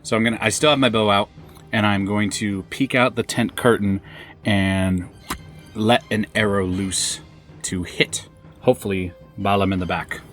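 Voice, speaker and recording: A man playing a tabletop role-play game, excitable and quick to laugh. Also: on the low side, faint music behind. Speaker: player.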